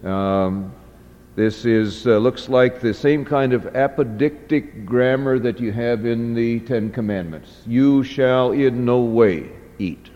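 A man teaching a class, reading a text aloud and explaining it slowly, with many fillers and restarts. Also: mid-range voice, a little mellow. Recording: dull audio with long hall reverb.

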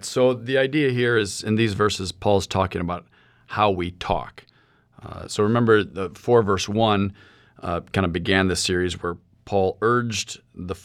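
A man's voice: low voice, fairly even intonation, moderate pace, dry recording, studio quality. A middle-aged man from St. Louis, a seminary professor, thinking aloud with fillers while discussing sermon plans on a podcast. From St. Louis, USA.

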